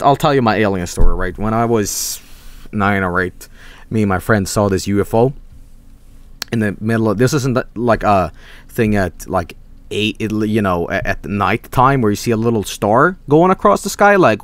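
A young man streaming a game, casually telling a story, cursing a lot and shouting out the voices he quotes. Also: fairly low pitch, no echo. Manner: animated, swearing, mock-shouting quoted voices. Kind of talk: casual storytelling while gaming.

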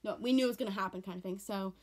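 Talking fast in a mid-range voice, this teenage vlogger chats at home in an earnest, rambling, repetitive way. She sounds on the verge of tears.

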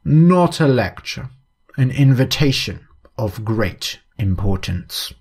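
A man voicing an eerie, smooth-faced male stranger who speaks in a calm, terse way in a read-aloud story. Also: mid-range voice, slow, exaggerated voice. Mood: ominous.

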